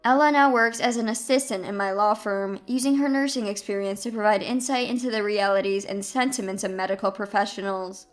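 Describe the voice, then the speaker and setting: A woman voicing a calm, confident male lawyer who speaks amiably and firmly in a storybook drama. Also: mid-range voice, a little fast, few pauses, soft background music, close to an everyday voice.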